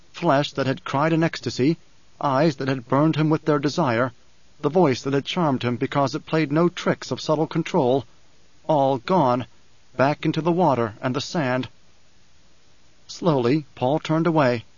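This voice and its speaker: A man narrating an audiobook in a steady, dramatic storytelling manner. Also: medium pitch, no echo, lo-fi sound. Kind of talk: scripted narration.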